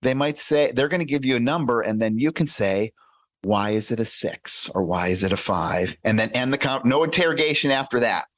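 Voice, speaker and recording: Animated man coaching, dry close sound. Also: mid-range voice, a little fast, dry recording. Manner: animated, acts out little dialogues in shifting voices; frequent restarts and repeated words. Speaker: career and life coach guest. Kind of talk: casual podcast interview.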